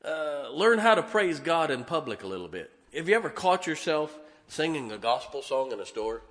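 A man preaching as a Baptist pastor, telling animated personal stories and asking his congregation to listen up. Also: a little high, moderate pace. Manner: animated storytelling, keeps asking the congregation "can I tell you something". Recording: long reverb of a large hall.

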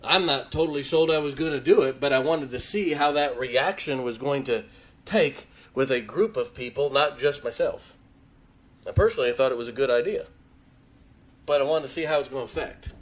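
A pastor with a mid-range voice preaches at a moderate pace. He tells his sermon stories in an animated way, taking on the voices of the people in them.

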